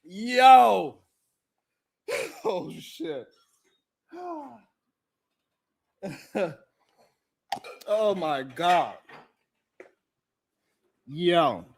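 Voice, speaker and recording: High-voiced, slow-talking laughing man host. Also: animated, a bit bright, slight background noise. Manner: teasing, laughs often between lines. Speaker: morning show host. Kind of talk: livestream talk show commentary.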